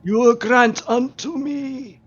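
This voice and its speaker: A man voicing an ancient mummified male herald who makes slow, grandiose proclamations. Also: extremely high pitch, steady tone, fairly bright tone, voice pushed up, heavily acted. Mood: imperious. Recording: dull lo-fi recording.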